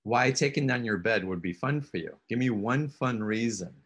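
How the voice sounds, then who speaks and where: A man's voice: mid-range voice, lively intonation, moderate pace, fairly bright tone, breathy edge. A man hosting a casual conversation, encouraging his guest and coaxing her with questions. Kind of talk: casual spiritual coaching chat.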